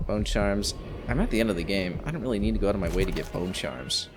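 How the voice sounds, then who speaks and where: A man's voice: lowish voice, animated, fast, slight background noise. A man giving casual gameplay commentary as a let's play host, rambling with exasperated asides.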